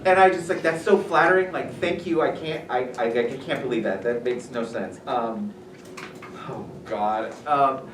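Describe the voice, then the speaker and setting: A man telling stories casually to a school audience as a visiting author, animated and self-deprecating with many fillers. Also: mid-range voice, moderate pace. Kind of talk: casual storytelling talk to students. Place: school room. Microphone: far room mic. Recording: echoey room from far off, noisy.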